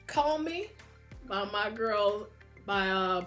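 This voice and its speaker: A woman's voice: medium pitch, a little slow, soft background music. A middle-aged woman casually showing off her vinyl singles, enthusiastic and gushing, now and then singing a line along. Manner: enthusiastic, gushing, breaks into short sung snippets. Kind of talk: casual record show-and-tell.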